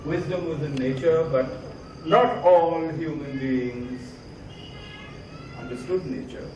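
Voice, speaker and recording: A man's voice: on the high side, takes it slowly, noisy background. A man telling a folk tale in a loose, conversational way, with asides and fillers. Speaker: storyteller. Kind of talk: oral storytelling, unscripted. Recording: echoey, from far off the mic.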